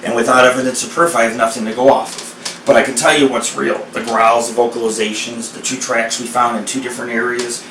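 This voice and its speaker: A man rambling through casual storytelling, excitable and profane. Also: medium pitch, a little fast, slight background noise. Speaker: vlogger. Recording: echoey sound from a distant mic with faint ambience.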